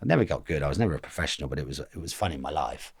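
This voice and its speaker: A man's voice: a bass voice, animated, very fast, gravelly, husky, no echo, studio quality. A man in his fifties from England, telling stories as a guest in a casual interview, rambling and acting out the voices of the people he quotes. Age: 50s.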